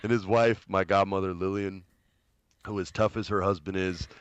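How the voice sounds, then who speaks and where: A man in his late thirties from New Mexico telling an animated story in a casual interview. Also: low voice, normal speed, clear, resonant tone, no room sound, lo-fi sound. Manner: animated, chatty, uses lots of fillers. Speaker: guest, actor.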